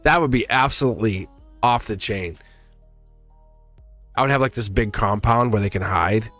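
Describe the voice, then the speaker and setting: A man's voice: lowish voice, moderate pace, a bit bright, no room sound, faint music behind. A man giving a casual live-stream tarot reading. He rambles, laughs often, and chats directly with his viewers. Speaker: tarot reader.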